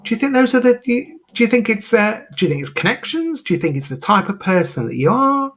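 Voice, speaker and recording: Very animated and fast, this podcast co-host has a high voice with a fairly bright tone. His casual chat rambles, studded with fillers and restarts.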